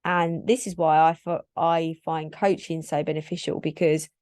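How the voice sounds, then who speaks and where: A woman's voice: sits low, fairly even intonation, normal speed, darkish tone, dry recording, studio quality. A woman in her thirties hosting a solo podcast, talking in a candid, reflective, rambling way with lots of "like" fillers. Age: 30s. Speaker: podcast host.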